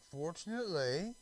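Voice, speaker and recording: Canadian guy rambling on, cussing, stopping and starting a lot, kinda high voice. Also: darkish tone, poor audio. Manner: meandering, swearing, many restarts and fillers. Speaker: vlogger. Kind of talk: rambling monologue.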